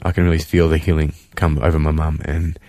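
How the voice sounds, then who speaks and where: A man speaking earnestly in a radio studio interview, halting with fillers as he gives a heartfelt testimony and reads a letter to his mother. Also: a bass voice, flat delivery, darkish tone, dry recording. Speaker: interview guest, son of the guest. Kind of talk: emotional testimony, reading a letter aloud.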